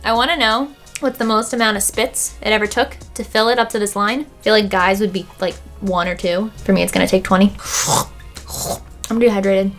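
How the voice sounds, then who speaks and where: A woman makeup vlogger talking casually to camera, excitable, chatty and joking. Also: medium pitch, a little fast, soft background music. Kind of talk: casual vlog chat.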